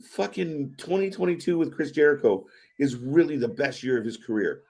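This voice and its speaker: A man hosting a live wrestling watch-party stream, giving excitable, profane reaction commentary. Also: on the high side, normal speed, vocal fry. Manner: excitable and profane, swearing often.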